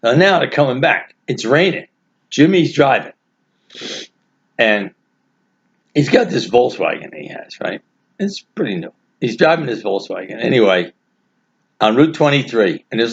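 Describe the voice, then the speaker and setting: A man casually telling a family anecdote, animated and laughing through his own story. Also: medium pitch, a little slow, pauses often. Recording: dull lo-fi recording.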